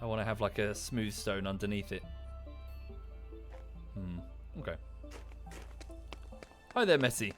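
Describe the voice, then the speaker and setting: A man's voice: fairly low pitch, a little slow, long pauses, faint music behind. Rambling British man streaming a game. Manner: rambling, enthusiastic, swears casually. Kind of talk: casual livestream chat.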